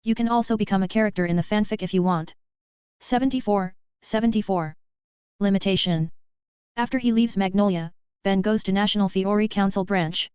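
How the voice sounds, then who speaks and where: A woman narrating a fanfiction novel as an audiobook in a steady, even reading. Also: mid-range voice, a little fast, smooth, no echo. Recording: dull, lo-fi, dry sound.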